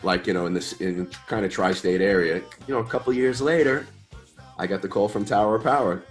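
A deep-voiced man in his fifties, a guest musician telling his stories in a loose, chatty way full of slang and the odd curse. He sounds relaxed and easygoing, with faint music in the background. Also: fairly quick. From New York. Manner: relaxed, chatty, uses slang and mild swearing. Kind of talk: casual storytelling interview.

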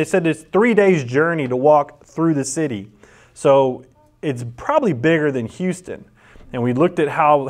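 A man preaching a conversational sermon, rambling and often restarting his sentences. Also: on the high side. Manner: rambling storyteller with frequent restarts.

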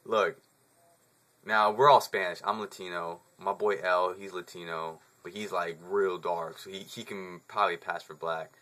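A man's voice: deep voice, fairly even intonation, moderate pace, fairly bright tone. A man in his twenties casually telling a story to camera, in slangy, profane speech with frequent chuckles. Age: 20s.

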